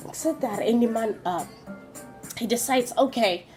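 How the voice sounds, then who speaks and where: A young Namibian woman with a Namibian accent, telling a storytime vlog in a casual, animated way and acting out what people said. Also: a little high, moderate pace, soft background music. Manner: animated, switches between English and Afrikaans, acts out quotes. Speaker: vlogger.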